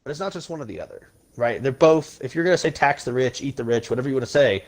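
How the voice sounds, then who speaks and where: A man's voice: medium pitch, lively intonation, quick pace. A male podcast host with an ordinary mid-range voice rants casually about current affairs. He is blunt and heated and swears freely. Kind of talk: casual political rant.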